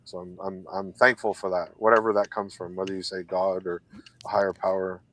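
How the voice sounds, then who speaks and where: A man on a casual live stream panel chat who talks candidly and haltingly about his life. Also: low voice, level tone, a bit bright, rough recording. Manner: candid, halting personal talk.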